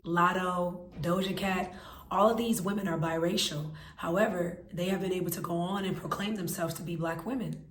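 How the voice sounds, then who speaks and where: A woman's voice: fairly low pitch, reverberant, slight background noise. A woman hosting a scripted commentary, giving her opinionated, analytical take. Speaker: commentary host.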